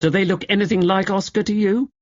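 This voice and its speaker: Man doing a shrill, accusing wife. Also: steady tone, quick pace, muffled recording, close to an everyday voice. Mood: gossiping.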